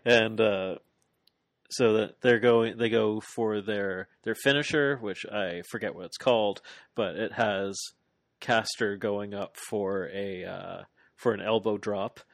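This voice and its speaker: A man co-hosting a casual podcast, recapping a wrestling match in a rambling, animated play-by-play full of fillers. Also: on the low side, slow pace, vocal fry, no echo. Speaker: podcast co-host.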